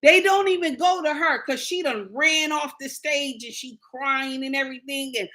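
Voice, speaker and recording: Sassy high-voiced woman ranting. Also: moderate pace. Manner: animated, sassy and indignant, acts out quotes. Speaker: commentator. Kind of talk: casual rant to viewers.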